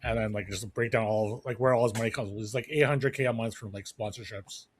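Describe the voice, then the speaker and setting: A man with a lowish voice co-hosts a podcast, speaking at a quick pace with fairly even intonation. There's a little hiss or hum in the audio. He chats casually, rambling with plenty of fillers and restarts.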